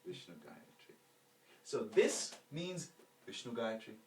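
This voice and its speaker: A man teaching a spiritual lecture, explaining terms slowly and leading call-and-response recitation while asking rhetorical questions. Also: medium pitch, big pitch swings, darkish tone, a little hiss or hum. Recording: echoey room, voice from a distance.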